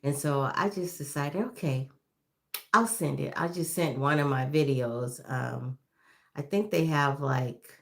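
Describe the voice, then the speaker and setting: A woman's voice: deep voice, a little slow, creaky, fairly bright tone. A retired woman in her sixties hosting a casual livestream, chatting with many ums and fillers. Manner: chatty, greets viewers by name, many ums. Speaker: YouTube livestream host.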